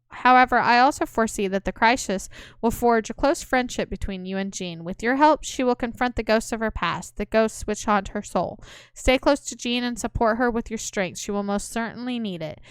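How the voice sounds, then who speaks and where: A woman's voice: fairly high pitch, brisk, clear, resonant tone, dry recording, lightly acted. Woman reading a grave, mystical fortune teller. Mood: foreboding.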